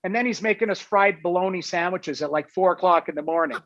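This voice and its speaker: A man with a high-pitched voice rambles through a casual story and keeps filling his sentences with "like" and "you know". The sound is dry and dull, with no room around it, like a lo-fi recording. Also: fast, a bit bright, no room sound. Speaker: guest telling a story.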